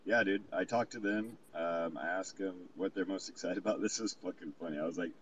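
A man with a very low voice tells a loose, swearing-laden story in casual chat. He sounds set back from a dull, muffled microphone with faint hiss under him. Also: steady tone, a little fast, recorded from a distance. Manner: profane, rambling storytelling. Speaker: guest recounting a party. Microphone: remote call mic.

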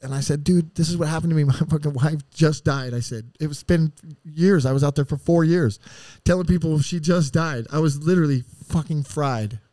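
A man's voice: fairly high pitch, brisk, hardly any pauses, no echo. A man, a podcast guest, telling his life story in blunt, profane language and acting out the voices of the people in it. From San Diego area. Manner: blunt, profane, animated retelling with quoted voices. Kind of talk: candid storytelling.

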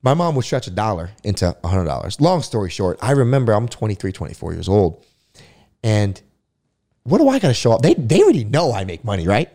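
A man with a fairly low voice talks as an interview guest, looking back on his sports career in a relaxed, conversational way. He is reflective and emphatic and often stumbles over and repeats a word before pushing on. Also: fairly quick. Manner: reflective and emphatic, repeats words when restarting. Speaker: podcast guest, former pro football player.

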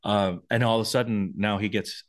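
A man's voice: on the low side, fairly even intonation, brisk. A man co-hosting a TV rewatch podcast, casually recapping the plot scene by scene and chiming in with agreeing yeahs. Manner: retells plot scene by scene, acting out character lines, frequent agreeing yeahs. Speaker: podcast co-host.

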